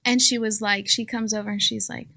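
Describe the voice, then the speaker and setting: A woman in her thirties with a Southern Californian accent, co-hosting a podcast and telling a story in a casual, animated way, often laughing. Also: medium pitch, brisk, vocal fry. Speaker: podcast co-host.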